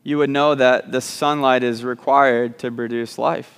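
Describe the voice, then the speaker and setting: A man's voice: medium pitch, steady tone, a little slow, clean tone. Man preaching in a reverberant church. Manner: self-deprecating asides, repeats words when starting sentences. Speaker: pastor. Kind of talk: sermon. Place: church sanctuary.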